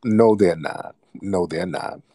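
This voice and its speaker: Deep-voiced American male talk host, taunting and insistent, dry close mic. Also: slow, dark tone, slightly rough, no echo. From United States. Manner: mocking, insistent, repeats himself. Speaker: radio show host. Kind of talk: heated call-in argument.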